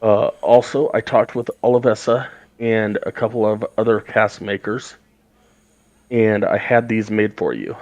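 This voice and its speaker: Man playing a shy male speaker, stammering, formal, low voice. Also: unhurried, darkish tone, no room sound. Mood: modest. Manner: hesitant, formal, stumbling over words.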